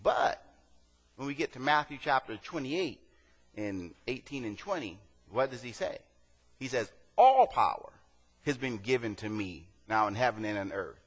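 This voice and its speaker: A man's voice: medium pitch, animated, normal speed, a bit bright, big-room sound. A male pastor preaching a sermon, talking to the congregation in a conversational way and rising to emphatic peaks.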